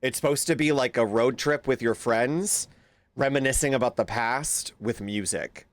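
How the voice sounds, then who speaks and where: A man's voice: medium pitch, normal speed, dry recording. A young man streaming live, chatting casually with his viewers and greeting them by name, now and then cooing at his pet. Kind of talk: casual livestream chat.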